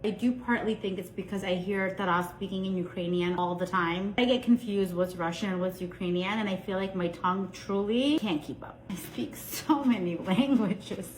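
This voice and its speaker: A woman's voice: medium pitch, roomy sound, a little hiss or hum, rough recording. A woman in her thirties chatting casually while she cooks at home, playful and self-mocking. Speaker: home cooking creator. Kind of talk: casual cooking vlog chat. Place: home kitchen.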